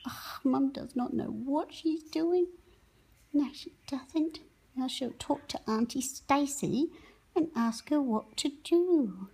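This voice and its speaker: A woman's voice: high-pitched, mellow. A woman talking doting baby talk to her pet parrot, with whispery asides. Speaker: pet owner.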